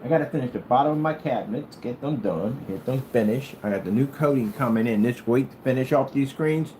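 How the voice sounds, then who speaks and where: A man from the United States talking casually to his vlog audience, rambling and repeating himself, sometimes drawing words out slowly. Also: medium pitch, dark tone, slight background noise, poor audio. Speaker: vlogger.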